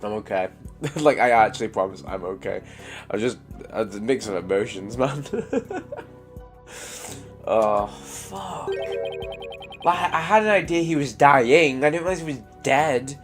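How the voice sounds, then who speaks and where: A gaming streamer with a stuffy nose plays through a game, reading its lines aloud and reacting emotionally with groans and swearing. His medium-pitched voice is lively in intonation and unhurried, heard over music.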